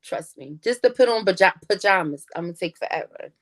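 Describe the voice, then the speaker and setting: A woman's voice: medium pitch, fairly quick. A woman guest on a podcast, telling stories in casual slangy talk with lots of swearing and acted-out quotes. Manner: animated storyteller acting out quotes in other voices; profane, slangy. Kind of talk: casual storytelling chat.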